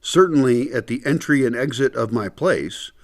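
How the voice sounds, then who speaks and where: A man's voice: medium pitch, lively intonation, moderate pace. A man talking casually to his camera in a vlog, rambling and thinking aloud with many fillers, his speech a little muffled by a candy in his mouth. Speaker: vlogger. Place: house indoors before dawn.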